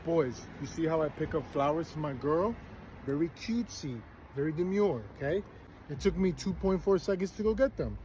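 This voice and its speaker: A man's voice: on the high side, lively intonation, normal speed, mellow, a little hiss or hum, low-quality recording. A man bragging playfully in a comedy skit, recorded outdoors. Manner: boastful, playful.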